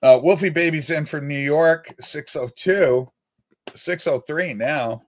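A man's voice: fairly high pitch, takes it slowly. A man hosting a casual livestream, rambling and reading viewer comments aloud with playful, theatrical outbursts. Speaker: livestream host.

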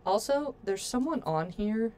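A woman's voice: a little high, animated, unhurried, a little mellow, slight background noise. A woman streaming a game, chatting playfully to her viewers as she plays. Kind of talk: casual gameplay commentary.

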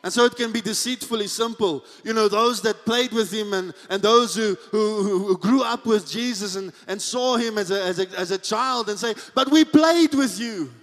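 Male pastor, high-pitched, bright preaching voice, recorded with long church reverb. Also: steady tone, moderate pace, few pauses. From South Africa. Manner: preaches with big swings between hushed asides and shouted peaks. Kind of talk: sermon.

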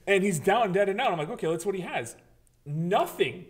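A man co-hosting a casual gaming podcast, his voice sitting a bit on the higher side. He tells stories with lots of energy, swearing freely and replaying his own startled reactions along the way. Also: animated, normal speed. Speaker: podcast co-host.

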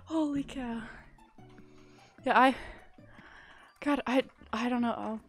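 A woman's voice: fairly high pitch, fairly even intonation, slow, faint music behind. A young woman live-streaming a building game, chatting casually and thanking viewers in a gushing, rambling way. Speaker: livestreamer.

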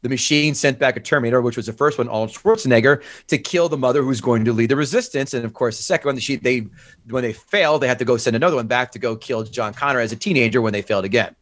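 A man on a podcast panel, chatting about a film with quick, joking banter. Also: mid-range voice, fairly bright tone. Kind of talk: casual film discussion.

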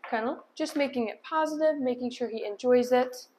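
A woman's voice: sits high, a little fast, darkish tone. A woman dog trainer explaining each step while giving short commands and praise to a dog in an indoor room. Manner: upbeat praise, firm cues.

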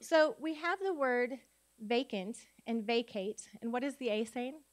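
A woman with a slightly high voice teaches a spelling workshop to a room of adults. She breaks words into sounds and syllables slowly and asks the audience questions as she goes. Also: animated. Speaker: literacy teacher and conference speaker. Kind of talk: workshop talk with spelling dictation. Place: conference room before an audience.

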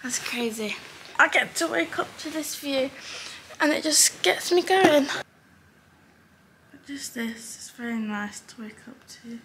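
Teen girl vlogger, soft just-woke-up delivery, bright high tone, slight noise behind. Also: expressive, slow, pauses often. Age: teens. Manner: sleepy, soft morning voice, often near a whisper. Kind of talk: casual vlog chat.

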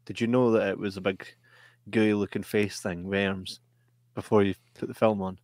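A man's voice: on the low side, flat delivery, moderate pace, darkish tone, dry recording. Chatty man reviewing a film. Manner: chatty, laughs often, swears. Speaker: podcast co-host. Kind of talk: casual podcast film review chat.

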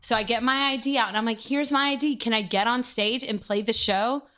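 Bright-voiced, foul-mouthed woman storyteller. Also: fairly high pitch, fairly quick. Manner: profane, animated storyteller. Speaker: musician guest. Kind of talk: casual storytelling interview.

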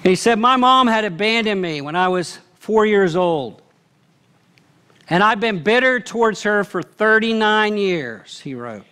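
A man with a fairly high voice preaches a sermon to his congregation. He tells the story earnestly, swinging between lively, animated stretches and hushed, soft ones. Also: unhurried, clear, resonant tone. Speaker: pastor. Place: church auditorium.

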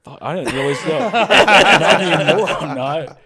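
A man's voice: fairly high pitch, a little slow, over a noisy crowd. A man with a Southern US accent, a comedian chatting on a podcast and acting out quotes with laughter. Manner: animated, laughing, acts out quotes. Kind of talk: casual podcast chat.

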